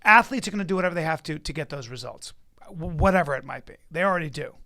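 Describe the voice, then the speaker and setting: A man's voice: a little high, lively intonation, fast talker, gravelly, bright, forceful tone, no echo, clean studio sound. A man in his thirties co-hosting a podcast, joking in a blunt, profane way. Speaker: podcast co-host, comedian. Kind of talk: casual podcast chat.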